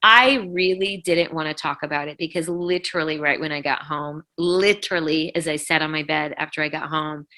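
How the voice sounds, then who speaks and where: A middle-aged woman with a low voice tells a painful story as an interview guest. Her tone is bright and forceful, and she acts out each quoted line with lots of "like"s as she goes. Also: steady tone, normal speed, hardly any pauses, poor audio. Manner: vivid retelling, acting out quotes, many "like"s. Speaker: rock vocalist, interview guest.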